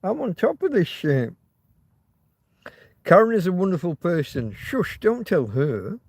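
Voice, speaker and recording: Slow, rambling man on a livestream. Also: sits high, big pitch swings, a little mellow, dry recording, clean studio sound. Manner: rambling, swears freely, reads out viewer comments. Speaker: livestream host. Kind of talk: casual livestream chat.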